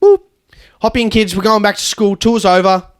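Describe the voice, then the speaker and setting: For a comedic storytelling podcast, a man voices a blind, foul-mouthed female bus tour guide who is irritated and scheming. His voice sits high with a clean tone at a moderate pace, close to an everyday voice, as the character swings from chirpy guide patter to furious swearing.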